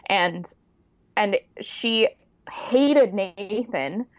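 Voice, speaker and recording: A woman co-hosting a casual chat, frank and agreeable, with quick reactions. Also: mid-range voice, lively intonation, no room sound. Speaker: podcast co-host. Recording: dry, dull lo-fi sound.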